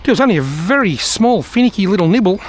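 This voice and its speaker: A man's voice: high-pitched, big pitch swings, fast talker. Chatty Australian man fishing outdoors. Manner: chatty, dry humour, talks to himself. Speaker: fishing vlogger. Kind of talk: casual vlog commentary. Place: outdoors by a river.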